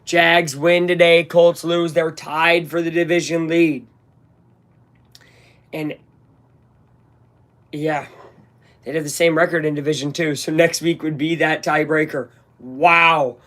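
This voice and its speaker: His voice is a little high and a bit bright, kept level and unhurried with long pauses. He's a fan commentator doing live play-by-play of a game, meandering casually and letting his frustration show.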